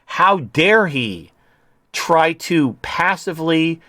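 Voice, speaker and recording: A man's voice: on the high side, lively intonation, takes it slowly, sharp tone, no room sound. A man hosting an online commentary show, ranting in a profane, heated way.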